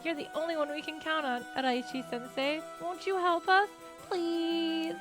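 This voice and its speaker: A woman's voice: very high voice, steady tone, moderate pace, over music, pitched above the performer's own voice. A woman voicing a polite young female student in a game, speaking courteously and pleadingly.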